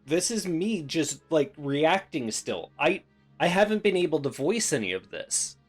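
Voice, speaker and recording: Male streamer, lively pitch and excitable, curses a lot, faint background music. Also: a little slow, slightly rough. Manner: swearing, excitable, swings from loud outbursts to low mutters. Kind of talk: reaction stream.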